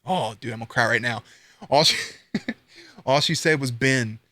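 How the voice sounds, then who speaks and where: A young man streaming live, ranting casually with lots of swearing and sudden high-pitched outbursts. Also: normal speed, no echo. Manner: profane, animated, swings into high-pitched outbursts.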